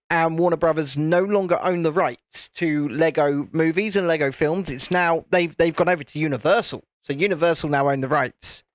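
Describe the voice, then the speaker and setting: A British man with a slightly high voice hosts a livestream, chatting casually with viewers as he builds and laughing often. The sound is studio quality with no room noise.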